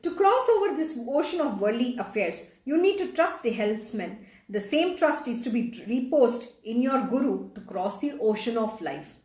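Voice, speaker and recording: A woman's voice: on the high side, expressive, normal speed, hardly any pauses, a little mellow, echoey room. A woman reading a devotional scripture aloud and explaining it in an earnest, emphatic way. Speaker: spiritual teacher reading scripture.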